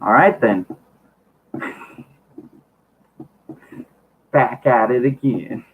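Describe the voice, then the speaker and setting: A man's voice: mid-range voice, very slow. A man reading a book aloud on his channel, stumbling over words and breaking off for wry joking asides. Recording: tinny lo-fi mic, faint hiss.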